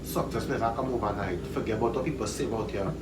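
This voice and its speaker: A man, an interview guest who talks in an animated way, laughs often and gives advice. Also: lowish voice, quick pace. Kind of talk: casual outdoor chat. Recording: echoey, distant, noisy outdoor ambience.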